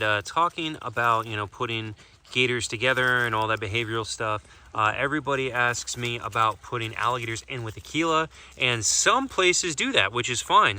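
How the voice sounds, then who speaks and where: A man's voice: mid-range voice, pushed and bright, no room sound. A man who keeps an animal sanctuary, chatting casually in a vlog with lots of fillers, speaking outdoors by an animal enclosure. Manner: rambling, loose, full of fillers.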